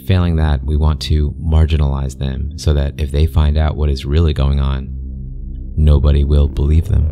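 A man voicing a mysterious male interviewer speaking through a speaker, calm, polite and cold, with an accent that is neither British nor American. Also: very deep voice, normal speed, music in the background. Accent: unplaceable accent, neither British nor American.

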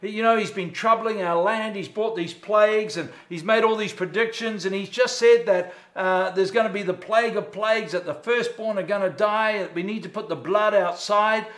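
A preacher playing a prince's uneasy young son. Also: male voice, sits high, moderate pace, few pauses, fairly bright tone. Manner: chatty, questioning. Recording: echoey church sanctuary.

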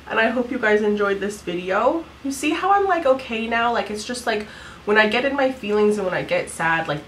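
A woman in her thirties talks through her makeup routine in a casual, chatty way, laughing often and saying "like" constantly. Her voice sits at a middle pitch. A faint hiss runs under the home recording. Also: a bit bright, poor audio. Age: 30s. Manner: chatty, giggly, lots of "like" fillers. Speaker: beauty vlogger. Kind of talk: casual makeup tutorial chat.

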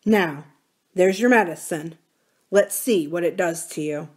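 A woman reading the part of a gentle, wise old male rancher in an audiobook-style reading. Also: lowish voice, measured pace, breathy edge. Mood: grave.

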